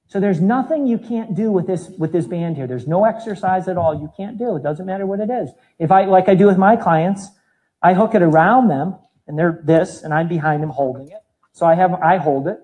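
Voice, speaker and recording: A man in his fifties, a fitness trainer giving an animated live talk to an audience, demonstrating exercises as he speaks. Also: high-pitched, rough recording. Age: 50s.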